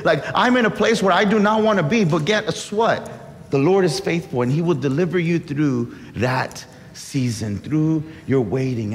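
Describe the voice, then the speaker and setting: A man's voice: a little high, long reverb tail. A man preaching a sermon as pastor, earnest and often repeating and restarting his words.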